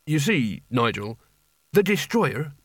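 A man's voice: medium pitch, sing-song, takes it slowly, dry recording. A man doing a weary, wry wizard. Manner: dry, long-suffering and wry. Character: weary, cowardly male wizard who loves boredom.

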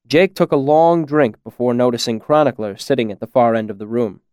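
A man reading an audiobook in a measured storytelling manner. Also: mid-range voice, a little mellow, smooth, no room sound, clean studio sound. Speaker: audiobook narrator. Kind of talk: audiobook narration.

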